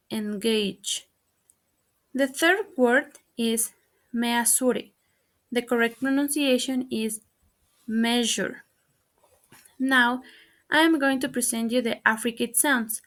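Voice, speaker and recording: High-voiced woman reciting formally. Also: a bit bright. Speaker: student presenter. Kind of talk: pronunciation presentation.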